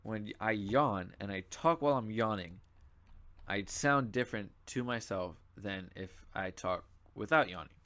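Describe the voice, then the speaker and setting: A young man talks through a browser game in a slightly low voice, sleepy and yawning now and then. He rambles and loops back on himself with plenty of fillers, with the odd mouse click behind him. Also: unhurried, a bit bright. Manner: rambling and chatty, with many fillers and asides. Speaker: gaming channel host. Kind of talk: casual gameplay commentary.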